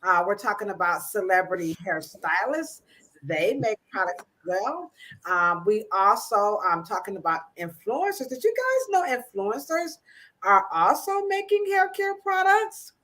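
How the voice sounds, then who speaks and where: A woman hosting a casual livestream chat, animated and playful, laughing often. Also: a little high. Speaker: host.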